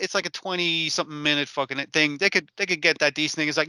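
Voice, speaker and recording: A man co-hosting an anime podcast, chatting casually with lots of swearing and acting out scenes in quick asides. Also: a little high, smooth, no room sound. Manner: profane, animated, acts out characters in quick asides. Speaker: podcast co-host. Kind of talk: casual chat recapping an anime.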